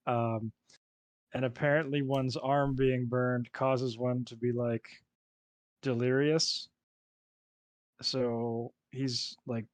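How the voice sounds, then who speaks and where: A man's voice: mid-range voice, no room sound. A man co-hosting a casual show recap, sarcastic and critical in his remarks. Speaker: podcast co-host. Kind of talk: casual chat recapping a TV episode.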